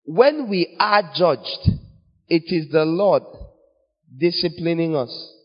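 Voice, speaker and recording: A man preaching a sermon in an animated way, acting out little scenes in other voices. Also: a little high, takes it slowly. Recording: dull long reverb of a large hall.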